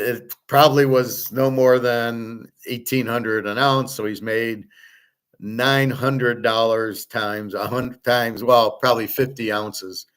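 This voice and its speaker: A man's voice: fairly low pitch, a bit bright. Blunt rambling man ranting solo. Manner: blunt, rambling, swears, mocks others in quoted voices. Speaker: host. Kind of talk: opinionated monologue.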